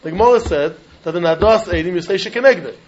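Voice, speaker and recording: A man teaching a Talmud class, animated and questioning, mixing in Yiddish and Hebrew terms. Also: high voice, fast, lo-fi sound.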